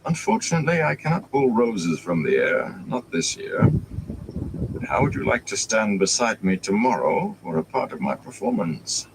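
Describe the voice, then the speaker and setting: A man voicing a grand, scornful old traveling bard with a theatrical, dry and mocking manner, over steady background noise. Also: fairly low pitch, moderate pace, creaky, voice pushed up. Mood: showy.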